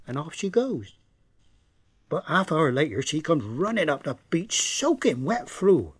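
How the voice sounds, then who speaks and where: A man's voice: fairly high pitch, sing-song, measured pace, breathy edge, dry recording. A man telling a comic dialect monologue in a West Country accent, folksy and yarn-spinning. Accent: West Country English. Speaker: comic storyteller.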